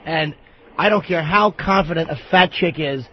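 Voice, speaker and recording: A man's voice: on the high side, moderate pace, slight background noise. A man co-hosting a call-in radio show, speaking bluntly and matter-of-factly. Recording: dull lo-fi radio audio.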